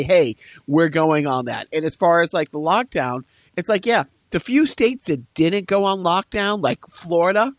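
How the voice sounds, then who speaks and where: A man co-hosting a podcast, talking in a rambling, animated way with asides. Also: fairly high pitch, no echo. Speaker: podcast co-host. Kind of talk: casual podcast chat.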